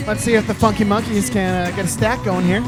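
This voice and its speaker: A man's voice: sits high, steady tone, quick pace. A man co-announcing a robotics match, joking and stumbling over team names with apologies. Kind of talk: playful event emcee banter. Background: music.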